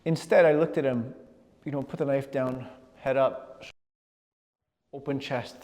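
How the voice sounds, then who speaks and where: A middle-aged man giving a personal storytelling talk, animated, often repeating words as he gathers his thoughts. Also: medium pitch, a little slow. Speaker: speaker. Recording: long hall reverb.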